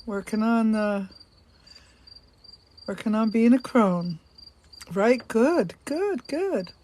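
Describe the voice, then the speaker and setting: An older woman talks into her phone while sitting outside on a sunny afternoon, with crickets chirping behind her. She keeps up a loose, chatty live-stream patter, welcoming viewers by name and asking the same questions again. Her pitch sits at an ordinary middle level. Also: a little mellow, slight background noise. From Canada. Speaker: livestream host. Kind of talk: casual live-stream chat. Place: outdoors on a sunny day.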